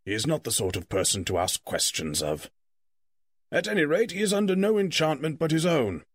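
A man reading the part of Gandalf, a stern and testy old male wizard, in measured, lecturing tones. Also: a little high, sing-song, dry recording, voice pushed up. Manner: measured, lecturing, quick to scold. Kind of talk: audiobook character reading.

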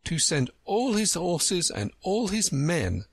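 A man voicing a polite, curious young girl in a storybook reading, speaking gently in a raised voice. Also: sits high, very animated, slow, husky, no room sound, pitched above the performer's own voice, full character voice. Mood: gentle.

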